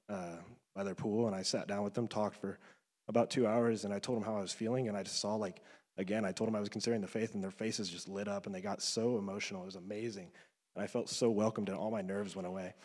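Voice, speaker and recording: A young man in his twenties tells his faith testimony in an earnest, emotional way, often leaning on casual fillers. His voice sits a little low, and it rings out with the long reverb of a large hall. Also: steady tone, fast, a little mellow. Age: 20s. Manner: earnest, emotional, loose with fillers like "you know". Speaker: student giving a faith testimony. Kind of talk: personal testimony talk.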